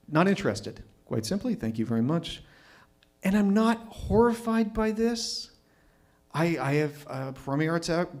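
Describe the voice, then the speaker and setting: A man telling a personal story at a live storytelling night, wry and self-mocking. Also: a little high.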